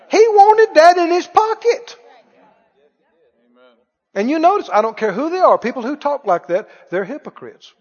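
A man with a high voice preaches a folksy, joking sermon. His delivery carries a long, ringing reverb from a church hall. The recording sounds dull and lo-fi. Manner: folksy, joking, mimics critics with mock wails.

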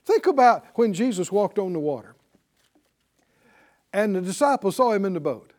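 High, animated preaching man. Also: moderate pace. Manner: animated, punchy call-and-response preaching. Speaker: Bible teacher. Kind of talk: exhortational sermon-style class.

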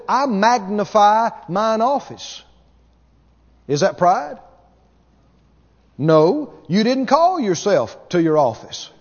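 Slow, high-voiced preaching man. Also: long reverb tail, dull audio. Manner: preaching with rhetorical questions to the congregation. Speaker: pastor. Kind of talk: sermon.

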